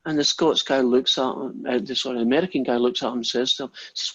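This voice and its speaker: Male lecturer, husky, chatty storyteller, dull dry lo-fi audio. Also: mid-range voice, fairly even intonation, fast talker, a bit bright, no echo. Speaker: math lecturer. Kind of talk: online lecture with a joke.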